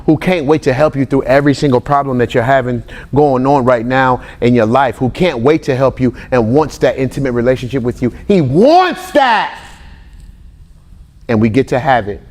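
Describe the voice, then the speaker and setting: A man in his forties teaches a sermon-style Bible lesson with a loose, conversational energy. He talks straight to the people in front of him and slips into the voices of the people in his stories. His pitch sits right in the middle for a man. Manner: animated, talks straight to the audience, acts out quotes.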